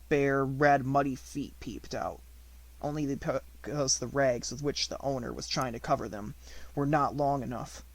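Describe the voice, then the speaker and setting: A man reading an unabridged audiobook in a measured storytelling manner, slowing on descriptive words. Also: mid-range voice. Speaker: audiobook reader.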